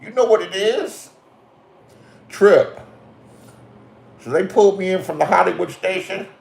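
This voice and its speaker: Middle-aged Californian man, profane ranting storyteller, slightly high voice, recorded in a roomy space. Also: unhurried, vocal fry, a little mellow. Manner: crude, swearing, confrontational storytelling. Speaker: vlogger. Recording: roomy echo.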